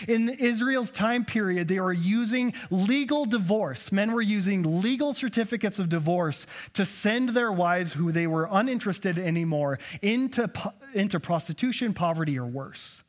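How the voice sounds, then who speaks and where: A man's voice: high-pitched, normal speed, few pauses. A man preaching a sermon as pastor in a church, conversational and joking with asides.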